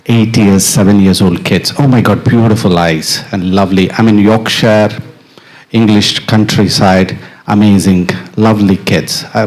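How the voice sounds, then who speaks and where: A middle-aged percussionist on stage with a mic, playfully coaching an audience to chant rhythm syllables. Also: male voice, on the low side, a little mellow. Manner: playful, encouraging, laughs often. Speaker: percussionist leading an audience exercise. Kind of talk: live stage talk with audience participation. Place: stage of a live dance performance.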